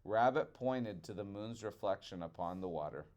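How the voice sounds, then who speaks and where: A male teacher reading a storybook aloud to children, expressive and chatty, stopping for asides with the class. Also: on the low side, normal speed.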